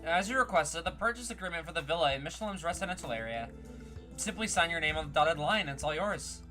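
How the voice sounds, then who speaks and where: A smooth, polite male realtor, as a woman reads him. He keeps his courteous, ingratiating manner, with a bright, polished tone close to the reader's own voice. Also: on the low side, expressive, fast, soft background music.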